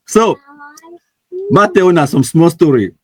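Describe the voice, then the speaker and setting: Laughing Cameroonian Pidgin-speaking host. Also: male voice, fairly high pitch, husky, no room sound. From Anglophone Cameroon. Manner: laughs often, switches between Pidgin and English. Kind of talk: casual commentary reading viewer comments.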